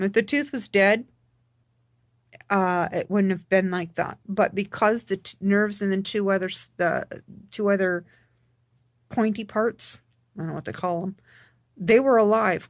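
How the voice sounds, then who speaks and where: A woman talking casually in a personal vlog, halting with frequent restarts and repeating words for emphasis. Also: mid-range voice, no echo, studio quality. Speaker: vlogger.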